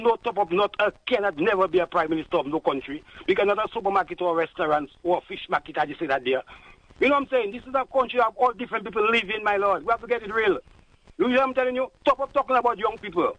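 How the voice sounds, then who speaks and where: Dominican man, caller; fast, high, fervent and rambling, dull dry line. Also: no echo. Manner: fervent, rambling, repeats catchphrases. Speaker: radio caller. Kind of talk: call-in political commentary.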